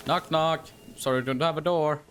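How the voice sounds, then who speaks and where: A man's voice: a little high, steady tone, normal speed, a bit bright, soft background music. A man playing a game and commenting, laughing and swearing a lot. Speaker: gamer. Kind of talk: let's-play commentary.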